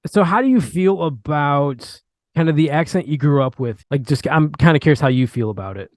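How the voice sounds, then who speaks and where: A man's voice: on the high side, animated, fairly quick, no echo, clean studio sound. Laid-back male podcast host. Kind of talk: casual interview chat. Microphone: video call.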